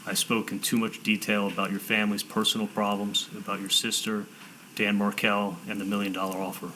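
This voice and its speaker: Guy on the witness stand, lowish bright voice, stumbles and repeats himself, bit of hiss. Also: flat delivery, low-quality recording. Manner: halting, repeats words and restarts, retells quotes with "I'm like". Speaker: defendant testifying. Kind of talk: courtroom testimony. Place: courtroom.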